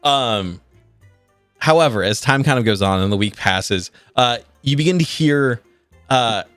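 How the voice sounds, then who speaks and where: A man's voice: mid-range voice, lively intonation, a little slow, fairly bright tone, dry recording, faint music behind. A man narrating a tabletop game as game master, in a casual, rambling manner full of filler words.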